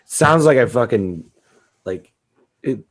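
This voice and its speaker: A man with a deep gravelly voice, co-hosting a casual comedy podcast, swearing freely and riffing with laughs. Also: expressive, slow. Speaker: podcast co-host.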